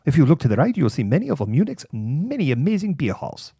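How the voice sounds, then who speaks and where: A man putting on the voice of an overly cheerful male city tour guide, high and forced. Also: wildly swooping pitch, fast talker, gravelly, mellow, breathy edge, full character voice.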